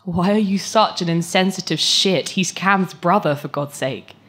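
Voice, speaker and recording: A woman's voice: on the low side, unhurried, slightly rough, voice pushed up. Woman doing a scornful young woman. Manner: scornful, sharp.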